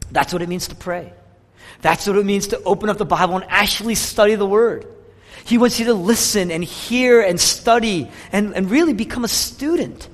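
A male pastor preaching a sermon with a dynamic delivery, his voice rising loud and high, then dropping low and soft. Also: normal speed. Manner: dynamic preaching, rising and falling in pitch and loudness. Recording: long reverb of a large hall.

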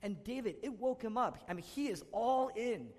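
Preacher with hall reverb. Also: male voice, very high-pitched, lively intonation, normal speed. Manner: swings from loud emphatic to hushed, intimate delivery. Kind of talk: sermon.

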